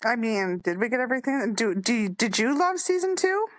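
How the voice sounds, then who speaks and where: A woman co-hosting a casual podcast chat, talking excitedly and expressively, often laughing. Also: fairly high pitch, normal speed, no room sound. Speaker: podcast co-host.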